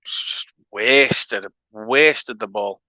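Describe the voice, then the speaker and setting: A northern English man hosts a casual football watchalong for his fan channel, trading chatty banter with viewers and laughing between play-by-play comments. His voice is on the low side, bright and forceful, and extremely slow, in a dry recording.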